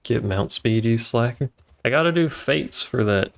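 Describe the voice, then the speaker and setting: A man's voice: medium pitch, animated, moderate pace, creaky. A man streaming a video game, talking casually with wry grumbling and swearing. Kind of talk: casual gameplay commentary.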